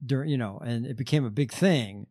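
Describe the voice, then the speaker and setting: A man hosting a podcast in casual chat, halting and wry. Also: mid-range voice, darkish tone, slightly rough. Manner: halting, many fillers, wry. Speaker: podcast host.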